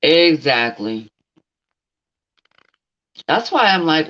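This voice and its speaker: A woman's voice: low-pitched, expressive, unhurried, long pauses, a bit bright, muffled recording. A middle-aged woman hosting a casual livestream, blunt and outspoken, talking straight at someone who isn't there and answering her chat. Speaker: livestream host.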